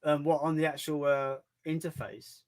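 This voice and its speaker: A man on a live stream as a guest, chatting casually, self-deprecating and quick to laugh. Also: a little high, level tone, darkish tone.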